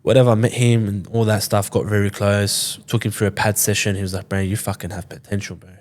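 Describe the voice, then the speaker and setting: A man's voice: fairly low pitch, little pitch movement, quick pace, darkish tone. A man in his twenties, a podcast guest telling a story casually, swearing often and acting out what others said. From Sydney, Australia. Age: 20s. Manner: loose, swears often, acts out quoted dialogue.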